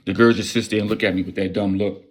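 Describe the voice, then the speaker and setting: A man telling a wild personal story in a casual, profane and excitable way. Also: lowish voice, quick pace, husky.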